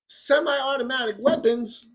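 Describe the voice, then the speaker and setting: Brief: high-voiced man on a hot-headed, cursing rant for his gun channel. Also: a little mellow. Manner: blunt, profane and heated. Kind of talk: ranting commentary.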